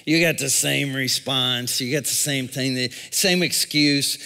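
A male pastor preaching a sermon, calling out to the congregation and swinging from shouts to a near-whisper. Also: medium pitch, fairly even intonation, measured pace, gravelly, hardly any pauses. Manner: call-and-response preaching. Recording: long reverb in a large hall.

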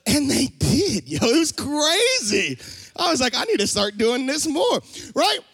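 Animated pastor with a bright high voice. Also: male voice, a little slow, no echo. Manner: animated storytelling, shifts between shouting and low asides. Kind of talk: sermon with personal story. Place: church sanctuary.

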